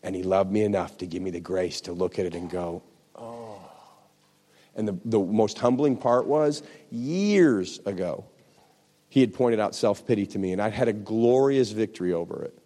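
A man's voice: on the low side, moderate pace, mellow. Impassioned preacher man in a reverberant hall. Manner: impassioned, rising to emphatic declarations. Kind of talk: sermon.

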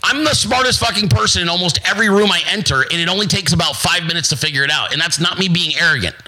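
A man's voice: sits high, fast, bright, forceful tone, poor audio. A man hosting his own show, giving a brash, profane motivational monologue and mocking other people in put-on voices. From United States. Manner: brash, profane, emphatic, repetitive. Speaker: show host.

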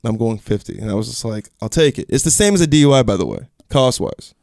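Young male guest, rapid animated storyteller, quotes people in a higher voice. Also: no room sound, clean studio sound. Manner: animated, acts out quotes in raised voice, swears. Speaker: podcast guest. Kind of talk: casual storytelling.

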